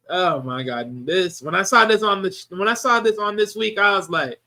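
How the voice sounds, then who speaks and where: A young man with a high voice hosts a casual football prediction show. He talks emphatically and repeats lines for weight, and he often restarts his sentences as he goes. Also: normal speed, few pauses, bright, forceful tone. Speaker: sports show host. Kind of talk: casual sports predictions talk.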